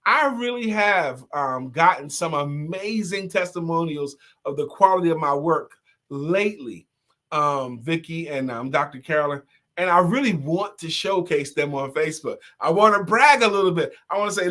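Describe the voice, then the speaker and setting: A man hosting a relaxed online talk show, reading out viewer comments and reacting to them. He tells stories with energy, breaks into snatches of song and laughs easily, and his voice sits somewhat high for a man. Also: normal speed. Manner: animated storyteller, sings snatches of songs and laughs often. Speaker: host. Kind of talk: casual live-stream chat reading comments.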